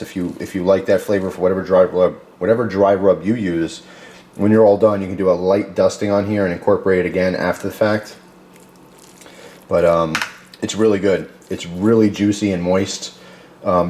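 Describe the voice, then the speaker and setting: A man hosting a casual home cooking video, talking loosely with many fillers and pausing to taste. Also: low-pitched, dark tone. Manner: rambling, loose, tasting food mid-talk with filler words.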